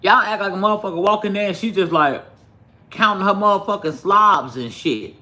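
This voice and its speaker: A man's voice: high-pitched, brisk, sharp tone. A man giving blunt, heated livestream commentary, swearing constantly as he rants. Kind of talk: profane ranting commentary.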